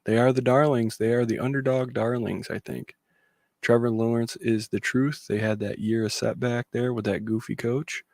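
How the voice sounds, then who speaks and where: A man's voice: mid-range voice, little pitch movement, moderate pace, a little mellow, no echo, studio quality. A man co-hosting a casual sports panel podcast, giving blunt opinions and reading out viewer comments. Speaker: podcast co-host.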